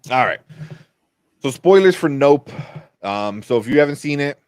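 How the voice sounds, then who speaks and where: A man's voice: mid-range voice, animated, moderate pace, a little mellow, clean tone, no echo. A man hosting a casual film podcast, rambling with many fillers and frequent laughs. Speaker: podcast host. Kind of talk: casual chat.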